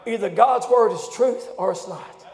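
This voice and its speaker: A man from Louisiana, USA, delivers a fiery revival sermon with a drawl, swinging between hollering and low, hushed near-whispers at a moderate pace. His voice is pushed unusually high and rough with gravel. The church sanctuary sounds echoey, with a faint congregation in the background.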